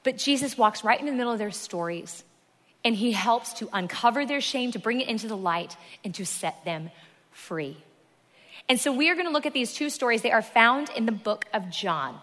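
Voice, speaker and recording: A woman preaches from the front of a church, emphatic and repeating her key phrases. Her voice sits a little high and rings bright and clear. A long reverb trails behind her in the large hall. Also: lively intonation, normal speed. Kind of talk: sermon.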